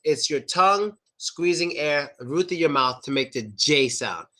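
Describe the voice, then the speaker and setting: A man's voice: a little high, unhurried, sharp tone. A young man teaching English pronunciation in a casual online lesson, chatty and demonstrative, drawing out example words.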